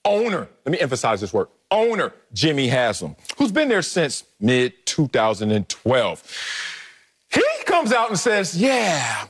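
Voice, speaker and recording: A man's voice: fairly high pitch, huge pitch swings, unhurried, a bit bright, slightly rough. A man co-hosting a sports talk show, arguing emphatically and playfully, often laughing as he makes his point. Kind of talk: animated sports debate.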